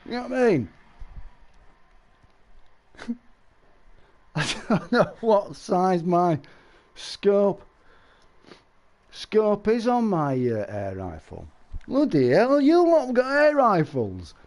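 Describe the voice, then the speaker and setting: A man live-streaming, chatting casually with viewers, rambling and laughing, with exaggerated shouted sound effects. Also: high voice, huge pitch swings, takes it slowly, long pauses.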